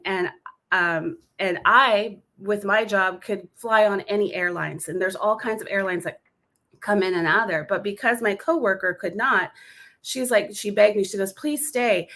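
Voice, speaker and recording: A woman guest on a podcast, telling a personal testimony in a lively, quick way and acting out the voices in her story. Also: lowish voice. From Alaska.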